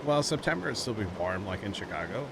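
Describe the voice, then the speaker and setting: A man in his thirties, a streamer chatting casually and telling rambling, animated stories full of fillers. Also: on the low side, quick pace, vocal fry. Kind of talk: casual chat while streaming a game. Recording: background noise.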